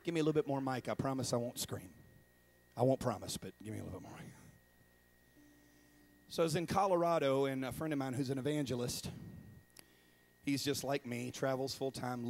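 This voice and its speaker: A man preaching in a church as a traveling evangelist, telling comic stories with acted-out voices and sudden shouted bursts. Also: mid-range voice. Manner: animated, acts out voices with loud shouted bursts and laughter. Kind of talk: comedic sermon storytelling.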